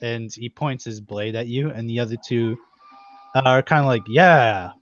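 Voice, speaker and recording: A young man narrating as game master, laughing as he quotes characters in quick snatches. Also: medium pitch. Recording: dull, dry lo-fi recording.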